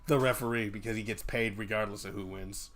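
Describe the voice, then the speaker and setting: A man's voice: lowish voice, steady tone, brisk, a crowd in the background. A man hosting a casual work stream, playful and jokey as he chats. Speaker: streamer host.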